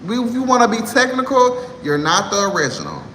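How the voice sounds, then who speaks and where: A man in his thirties vents in a sassy, exasperated rant. His voice is bright and pointed. A roomy space with a long reverb tail and faint background noise carries it. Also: sits high, wildly swooping pitch, brisk. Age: 30s. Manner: sassy, exasperated ranting with laughs. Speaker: vlogger. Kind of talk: heated monologue to camera.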